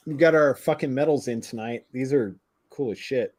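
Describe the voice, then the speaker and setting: A man's voice: mid-range voice, moderate pace, darkish tone. A man joins a casual livestream chat as a guest, a little drunk and troubled by hiccups. He talks in a loose, hyped way and swears freely, in a mid-range voice.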